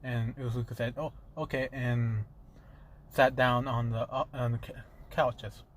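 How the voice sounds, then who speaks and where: A man telling an improvised fan story aloud in a halting way, full of restarts. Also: medium pitch, flat delivery, a little hiss or hum.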